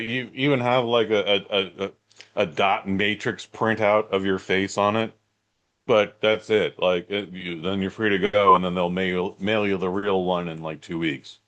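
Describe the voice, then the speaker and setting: A man's voice: deep voice, steady tone, unhurried, a bit bright, lo-fi sound. A middle-aged man co-hosting a podcast in laid-back, joking banter. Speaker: podcast co-host. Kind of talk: casual chat.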